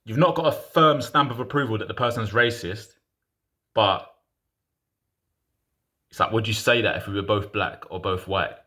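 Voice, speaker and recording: A man's voice: lowish voice, moderate pace, long pauses, pushed and bright. A man in his thirties casually telling a personal story in frank, slangy talk full of restarts.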